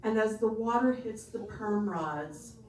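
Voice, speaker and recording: A woman's voice: medium pitch, measured pace. Woman telling a stand-up story, echoey room. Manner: animated storytelling, acting out the other people's lines. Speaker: stand-up comedy student. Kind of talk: stand-up comedy set. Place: comedy venue stage. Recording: echoey room from far off, noisy.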